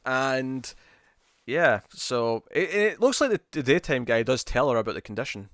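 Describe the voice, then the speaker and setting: A man's voice: mid-range voice, lively intonation, moderate pace, a bit bright, dry recording, clean studio sound. Chatty man riffing on movie trailers. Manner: rambling, chatty, frequent restarts and laughs. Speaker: podcast co-host. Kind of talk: casual movie trailer chat.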